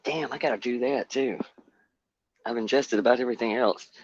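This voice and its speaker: A man's voice: mid-range voice, a little fast, slightly rough, lo-fi sound. A man from Alabama with an Alabama accent, a panel guest chatting casually online in a drawling, profane way and laughing at himself.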